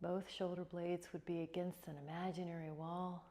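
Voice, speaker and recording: A woman teaching a yoga class, giving calm, encouraging cues with repeated prompts to breathe. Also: lowish voice, moderate pace. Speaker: yoga instructor. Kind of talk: guided yoga class instruction.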